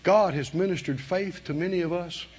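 A high-pitched man with a drawl preaches with fire, swinging from hushed asides to shouted lines. He chuckles between points. The recording is muffled and lo-fi. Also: normal speed. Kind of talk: sermon.

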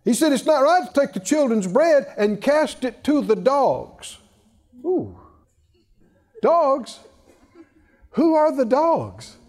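A male preacher delivers a sermon in a high, lively voice that swoops up and down for emphasis. He takes his time, pressing points slowly and urging the congregation to answer back, breaking in with chuckling asides.

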